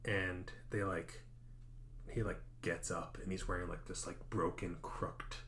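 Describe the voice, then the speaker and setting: A man with a somewhat low voice, co-hosting a casual podcast and retelling a film scene by scene. He tells it with animated flair and slips into acted-out lines, over faint background hiss. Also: unhurried. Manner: animated storytelling, acts out quotes. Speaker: podcast co-host. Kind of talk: casual chat recapping a horror film.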